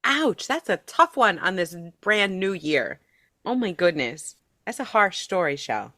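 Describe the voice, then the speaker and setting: A woman co-hosting a podcast with a bright voice whose pitch swings widely. She sounds sympathetic and playfully teasing in casual chat, recorded dry and close. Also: big pitch swings, a little slow, dry recording. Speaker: podcast co-host.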